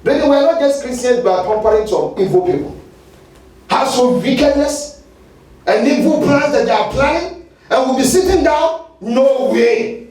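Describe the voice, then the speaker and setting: A male pastor with a Ghanaian English accent, preaching a fiery sermon and shouting at its peaks. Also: very high-pitched, animated, normal speed. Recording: echoey hall, far from the mic, light noise.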